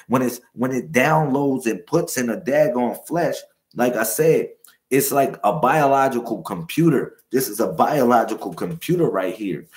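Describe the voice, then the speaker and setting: A man talking on a livestream in a mid-pitched voice, teaching in a loose, repetitive way. He fills his talk with slang, keeps checking in with viewers, and circles back over his points. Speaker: livestream host. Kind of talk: casual spiritual teaching livestream.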